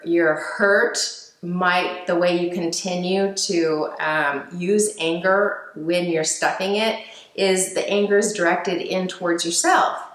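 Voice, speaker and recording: A woman speaks slowly and gently in a fairly low voice, with many fillers and restarts as she teaches. Her voice rings in an echoey room. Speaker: speaker on emotional healing. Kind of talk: reflective teaching talk.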